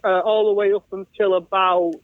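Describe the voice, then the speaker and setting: A man's voice: high-pitched, flat delivery, normal speed, no echo. A man with a Northern English accent, chatting as a podcast guest, laughing easily and often restarting his sentences. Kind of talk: casual chat. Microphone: phone or call line. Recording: tinny phone-line call.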